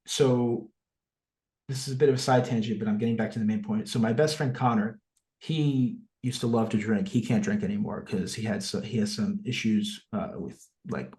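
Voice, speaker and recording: A man's voice: medium pitch, a little mellow. Young jersey guy rambling on a video call, lots of likes and ums, swears a bunch. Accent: New Jersey. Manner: rambling, filler-heavy, frequent swearing. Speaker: guest. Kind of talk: casual podcast chat.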